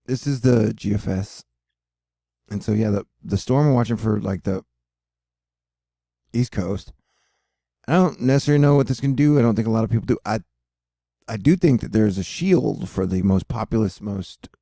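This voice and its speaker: Gravelly, rambling man vlogging. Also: on the low side, dark tone, no room sound, studio quality. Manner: rambling, profane, jokey, loses his train of thought. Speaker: weather and space video host. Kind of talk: rambling casual commentary over weather maps.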